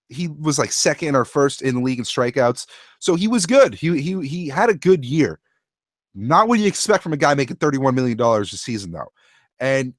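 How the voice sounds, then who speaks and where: A man's voice: on the high side, no echo. A young man co-hosting a casual sports talk show, opinionated and rambling, often restarting his sentences. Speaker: co-host.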